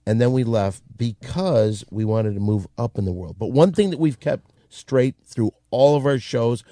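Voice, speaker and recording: A man's voice: medium pitch, normal speed, dark tone, no room sound, clean studio sound. A man hosting a comedy podcast, blunt and steering the conversation. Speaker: podcast host.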